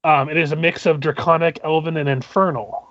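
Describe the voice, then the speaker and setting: A man serving as game master who narrates a tabletop game, describing scenes in a halting, methodical way. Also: on the high side, fairly even intonation, fairly bright tone, dry recording, muffled recording.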